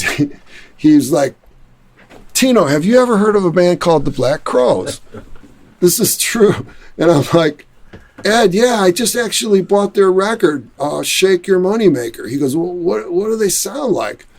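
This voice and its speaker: A man with a Detroit accent spins a long anecdote in a relaxed interview, slipping into the voices of the people he quotes. His voice sits a little high for a man and carries a gravelly, rough edge. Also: a little slow. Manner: animated storyteller who acts out quotes. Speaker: musician and studio owner, guest. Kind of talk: casual storytelling interview.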